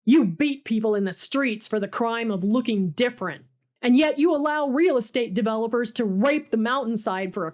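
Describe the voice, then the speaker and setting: A woman voicing a menacing, hyper-articulate male writer who is said to speak in a low mumbling Southern drawl, coolly taunting. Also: darkish tone, lightly acted. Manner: cool, taunting and then cutting.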